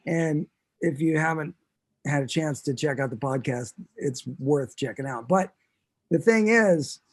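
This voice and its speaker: A man in casual conversation, telling stories in an earnest, relaxed and reflective way. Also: on the high side, unhurried. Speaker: guest musician. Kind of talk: casual chat.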